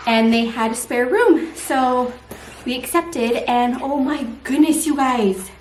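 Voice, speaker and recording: Slow-talking woman in her thirties, vlogging. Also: high-pitched, a little hiss or hum. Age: 30s. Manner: candid, chatty, addresses viewers directly. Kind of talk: casual vlog talk to camera.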